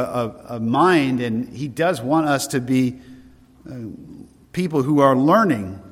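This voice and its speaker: A man's voice: mid-range voice, fairly bright tone, long reverb tail. A man preaching a sermon as a pastor, conversational and given to rhetorical questions.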